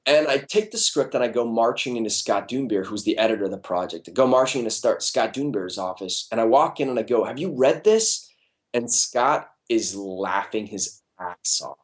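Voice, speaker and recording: Lively, low-voiced man telling a story. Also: fairly quick, hardly any pauses. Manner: animated storyteller, fillers and profanity. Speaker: comic book artist interviewee. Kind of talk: casual anecdote in an interview.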